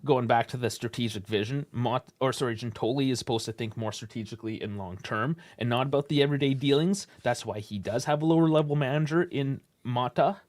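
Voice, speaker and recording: A man's voice: mid-range voice, darkish tone. Canadian man talking football bluntly. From Toronto, Canada. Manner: blunt, swears freely, heats up fast. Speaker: co-host. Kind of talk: casual call-in sports podcast chat.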